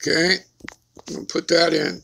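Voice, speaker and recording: Male preacher, scripture teaching, emphatic, constant check-in questions, high and bright. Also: level tone, moderate pace, gravelly, slight background noise. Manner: emphatic, keeps asking "all right?" and "okay?".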